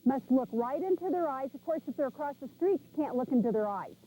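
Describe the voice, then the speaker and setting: On a VHS video recording with poor audio, a woman animal trainer leads a class, talking casually and repeating commands with firm emphasis. Her high-pitched voice is animated and fast, with a dark tone.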